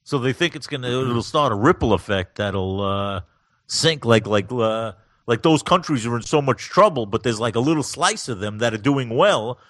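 Lively wisecracking man. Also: medium pitch, normal speed, no room sound, clean studio sound. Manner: wisecracking, reads out news bits. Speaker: podcast co-host. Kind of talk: casual chat.

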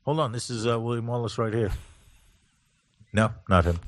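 A man's voice: medium pitch, moderate pace. A man co-hosting a podcast in casual chat, wisecracking and reading news bits. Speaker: podcast co-host.

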